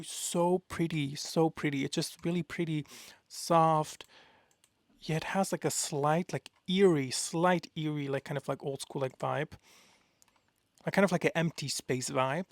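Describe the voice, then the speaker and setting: Young man, gravelly, slightly high, excitable rambling chat, dry close sound. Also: dry recording. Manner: excitable, gushing, rambling with many fillers. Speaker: art vlogger. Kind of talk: casual chat.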